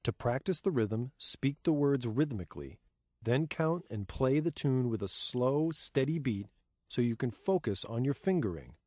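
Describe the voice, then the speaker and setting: A man gives a calm, measured music-lesson narration, every word clear and paced for learners. He counts beats aloud in steady rhythm. The recording is close and dry, with no room sound around him. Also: medium pitch, dry recording. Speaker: keyboard instructor. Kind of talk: scripted instructional narration.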